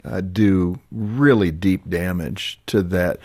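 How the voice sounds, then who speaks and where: Male host, very deep voice, measured questions, dry studio. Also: a little mellow, slightly rough, no echo. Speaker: radio host. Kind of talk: radio interview.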